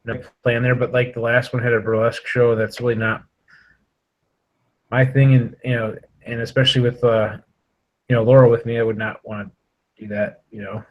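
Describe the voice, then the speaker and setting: A man's voice: mid-range voice, little pitch movement, normal speed, dull audio. A man hosting a podcast, chatting casually in a rambling, hesitant way with lots of fillers. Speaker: podcast host. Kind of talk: casual chat.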